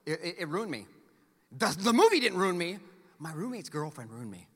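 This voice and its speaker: A man preaching a sermon as pastor, telling stories in an animated, playful rant. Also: high voice, moderate pace. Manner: animated storyteller, playful ranting. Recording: long hall reverb.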